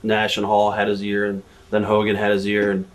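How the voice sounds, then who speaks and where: A woman with an extremely low voice conducts an interview. She asks casual, loose questions and chimes in with quick affirmations. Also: monotone. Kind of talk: wrestling shoot interview.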